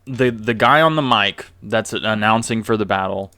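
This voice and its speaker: A man's voice: on the low side, normal speed, pushed and bright, no echo. A man narrating as game master of a tabletop game, casual and swearing, laughing at his own jokes.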